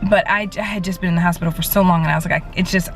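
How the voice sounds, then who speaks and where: A woman's voice: on the low side, fairly even intonation, very fast, soft background music. A young woman talking casually to camera as a vlogger and new mother of twins, rambling with many fillers.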